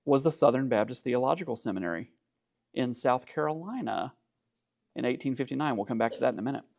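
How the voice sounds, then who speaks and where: Gravelly-voiced man lecturing on church history. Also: medium pitch. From Georgia. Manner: conversational, dry asides, frequent "uh" fillers. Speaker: teacher.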